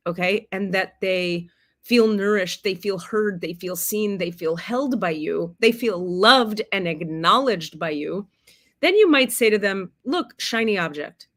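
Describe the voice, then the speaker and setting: Frank, expressive woman teaching spirituality. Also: mid-range voice, measured pace. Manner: frank and expressive, swears freely; plays out quoted voices of a child and a parent. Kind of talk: casual spiritual teaching on a livestream.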